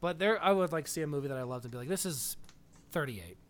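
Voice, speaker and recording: Casual podcast co-host, male, fairly high voice, rambling enthusiasm. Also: expressive, racing, a bit bright, clean tone. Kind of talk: casual chat.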